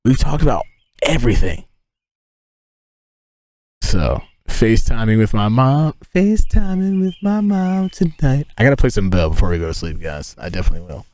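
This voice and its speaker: A man's voice: on the low side, a little fast, pauses often, no echo. A man in his thirties chatting casually on a livestream, telling rambling stories full of swearing. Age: 30s. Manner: profane, rambling, animated storytelling. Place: inside a tent.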